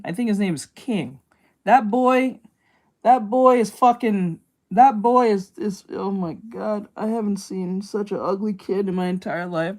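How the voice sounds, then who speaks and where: A woman streamer talks casually as she sketches, rambling from one thought to the next. She is blunt and profane, and breaks into laughs. Her voice sits at an average pitch. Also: a little mellow. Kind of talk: casual chat while drawing.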